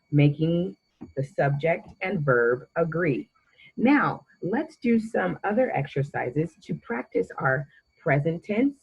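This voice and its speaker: A woman's voice: low voice, breathy edge, muffled recording. A woman teaching a grammar lesson to children, patient and encouraging as she quizzes the listener.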